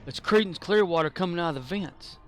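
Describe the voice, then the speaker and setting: Brief: man acting out drunk dad, loud, higher, baffled and insistent. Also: brisk, a little hiss or hum. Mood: confused insistent. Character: drunk forgetful father, middle-aged man.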